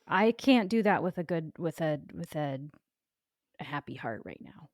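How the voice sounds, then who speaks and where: A woman co-hosting a podcast, speaking reflectively and haltingly in a candid chat. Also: low voice, expressive, dry recording, studio quality. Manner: reflective, halting, many fillers. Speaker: podcast co-host. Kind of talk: candid casual conversation.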